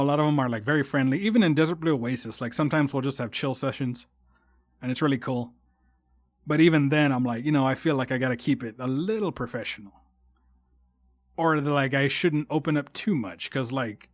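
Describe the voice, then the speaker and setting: A man's voice: medium pitch, no room sound. A young man hosting a solo podcast, rambling and swearing a lot with frequent restarts. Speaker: podcast host. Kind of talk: casual solo podcast monologue.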